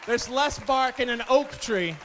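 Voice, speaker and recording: A man's voice: very high voice, unhurried, fairly bright tone, a faint crowd, a little hiss or hum. A male stand-up comedian telling wry, self-mocking stories about old jobs, with stammered starts. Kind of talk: stand-up routine.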